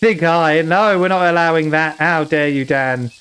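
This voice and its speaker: A man's voice: on the high side, normal speed, fairly bright tone, clear, resonant tone. A British man streaming a game, reading the text aloud and joking at his own expense. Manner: self-mocking, reads game text aloud, laughs often. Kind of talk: casual live-stream commentary.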